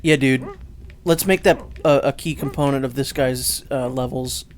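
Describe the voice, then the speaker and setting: Over game music, a man hosts a let's play, offering sarcastic and exasperated commentary on the game. He speaks at normal speed with a medium-pitched voice.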